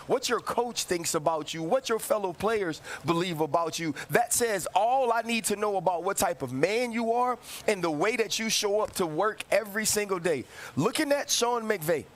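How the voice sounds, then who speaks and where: A man speaking earnestly in a commentary clip, reflecting on a player's career. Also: high voice. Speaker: sports commentator.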